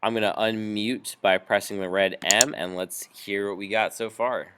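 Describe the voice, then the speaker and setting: A man teaching a music software tutorial, explaining each step patiently with frequent ums. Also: on the low side, steady tone, normal speed, noisy background. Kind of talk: screen-recorded software tutorial.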